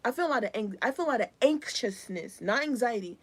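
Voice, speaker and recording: A woman's voice: fairly high pitch, animated, quick pace, husky. A young woman giving a live collective tarot reading in a casual, rambling, slangy way. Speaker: tarot reader.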